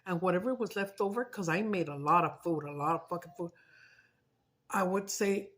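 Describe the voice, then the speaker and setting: Chatty woman with a lowish voice. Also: moderate pace, a bit bright, breathy edge. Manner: chatty, emotional, mixes in Spanish and swears. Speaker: mukbang vlogger. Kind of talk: casual storytelling chat.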